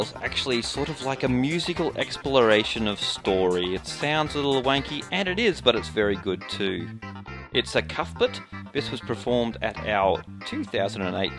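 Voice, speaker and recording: Chatty man with music underneath. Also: medium pitch. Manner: chatty, loose, with fillers. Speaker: podcast host. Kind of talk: casual show introduction.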